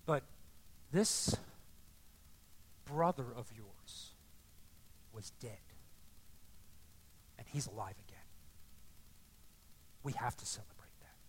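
A preacher voicing a calm, gentle father. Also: mid-range voice, fast talker, hardly any pauses, slight background noise, pitched below the performer's own voice, close to an everyday voice. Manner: very calm, soft, dropping to a whisper. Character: calm loving father, older man, gentle.

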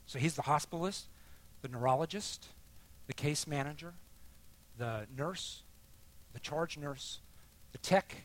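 A middle-aged man giving a sermon-style personal testimony, moving between hushed, quiet moments and loud, emphatic bursts as he tells his story. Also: on the high side, measured pace, pauses often. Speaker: speaker sharing testimony.

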